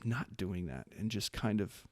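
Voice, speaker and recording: Animated storyteller, a man in his late thirties. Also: lowish voice, unhurried, no echo, studio quality. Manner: animated storyteller who acts out quoted lines, with frequent restarts. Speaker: podcast guest, Marine staff sergeant. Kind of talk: casual storytelling interview.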